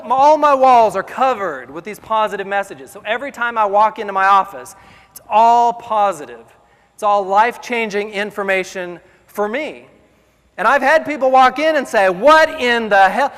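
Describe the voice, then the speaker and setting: A man giving a casual motivational speech about self-talk, animated and acting out the voices in his head. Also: sits high. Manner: animated, acts out inner voices. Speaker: motivational speaker. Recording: long hall reverb.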